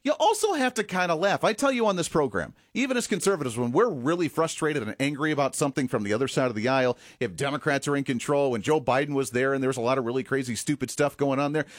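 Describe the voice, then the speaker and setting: A man's voice: a little high, no echo, studio quality. A man hosting a political commentary show, talking with sarcastic asides and the odd chuckle. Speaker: host.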